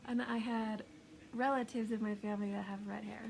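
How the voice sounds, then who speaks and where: A woman giving a casual intuitive tarot reading, chatty and self-mocking, laughing often and sometimes dropping into soft whispers. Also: fairly high pitch, flat delivery, moderate pace, vocal fry, pauses often, a little hiss or hum, rough recording. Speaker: tarot reader.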